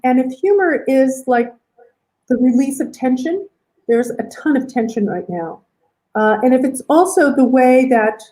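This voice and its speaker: A woman's voice: a little high, warm tone, rough recording. A woman artist speaking as a guest on a video call, thoughtful and wry. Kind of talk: casual video call interview.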